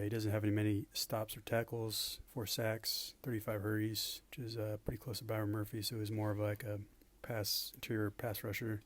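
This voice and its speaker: A man casually walking through football draft statistics, listing numbers in a flat way with frequent fillers. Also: on the low side. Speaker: draft analyst. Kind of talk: casual stats breakdown.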